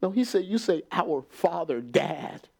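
A man preaching a sermon in a church with a slightly high voice. He is animated and laughs often. He acts out the quotes he tells and sometimes drops to a whisper. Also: a little slow, creaky.

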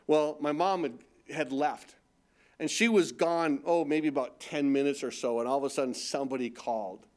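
A middle-aged pastor preaches conversationally, posing rhetorical questions and often repeating words. His voice is mid-range and a little mellow, at a normal speed.

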